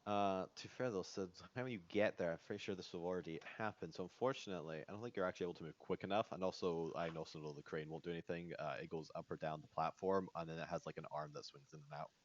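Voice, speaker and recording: A man's voice: low voice, steady tone, fast talker, few pauses. A man running a tabletop game as game master, narrating with many fillers. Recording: dry, dull lo-fi sound.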